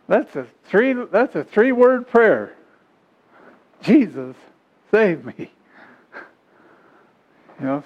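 A man preaching a sermon who reads scripture aloud and then explains it in homey asides, chuckling now and then. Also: on the high side. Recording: dull lo-fi recording.

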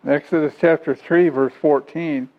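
A man's voice: fairly high pitch, fairly even intonation, moderate pace. A man preaching a sermon who reads scripture aloud and then explains it in homey asides, chuckling now and then. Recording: dull lo-fi recording.

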